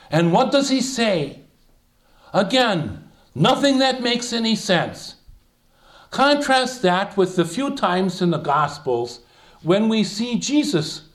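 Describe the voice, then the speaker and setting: An older man leading an informal Bible study, thinking aloud with many fillers and restarts as he explains a passage. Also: high-pitched. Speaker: Bible teacher.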